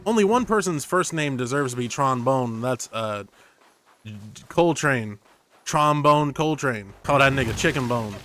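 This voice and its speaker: A young man commentating over a game stream in an easygoing, rambling way, hopping from joke to joke. His voice sits at a middle pitch with a bright, forward edge. He talks close to his streaming microphone. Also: lively intonation, measured pace, a little hiss or hum. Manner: rambling, jokey, tangent-prone. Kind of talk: casual gaming commentary.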